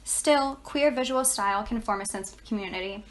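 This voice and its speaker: Student presenter, young woman, mid-pitched, steady read delivery. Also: moderate pace. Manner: steady, reading from notes.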